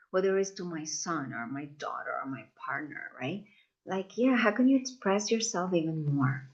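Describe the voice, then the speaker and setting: Lively, expressive woman coaching a class. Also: mid-range voice, muffled recording. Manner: expressive, acts out inner voices, addresses audience as "you guys". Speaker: coach leading a masterclass. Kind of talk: live online masterclass talk.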